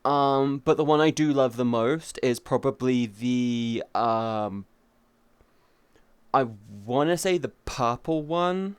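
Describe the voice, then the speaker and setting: Chatty streamer with a smooth voice. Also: male voice, mid-range voice, slow pace, no room sound. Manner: rambling, chatty, many fillers and restarts. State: a little tired. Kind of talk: casual chat with viewers.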